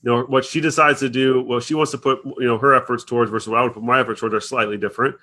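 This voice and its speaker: A man's voice: medium pitch, steady tone, racing, sharp tone, a little hiss or hum. A man talking as a podcast guest in casual chat, rambling and restarting his phrases.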